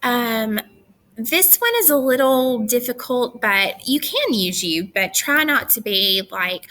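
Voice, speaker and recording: A woman's voice: fairly high pitch, lively intonation, slow, sharp tone. A young adult woman teacher giving recorded instructions to her students, chatty and firm with teasing asides.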